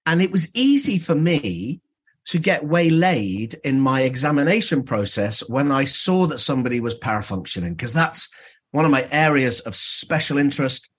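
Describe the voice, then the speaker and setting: A dentist being interviewed on a podcast, telling stories in an animated way and acting out dialogue. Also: male voice, mid-range voice, normal speed, breathy edge.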